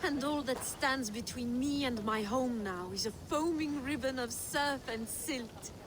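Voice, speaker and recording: A woman's voice: high voice, unhurried, noisy background. A woman with a French accent voicing a wistful Frankish noblewoman in a video game, speaking in a tender, dreamy way.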